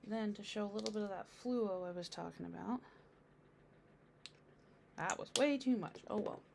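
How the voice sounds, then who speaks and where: Chatty woman with a creaky voice. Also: medium pitch, moderate pace, background noise. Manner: chatty, thinks aloud, mutters to herself. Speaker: painting streamer. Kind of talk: casual live painting tutorial.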